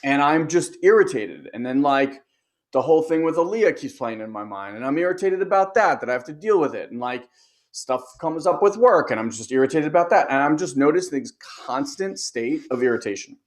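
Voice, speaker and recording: Middle-aged male co-host, casual chat, animated storyteller. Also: a little high, a little fast. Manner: animated storytelling, acts out his inner voice. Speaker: podcast co-host.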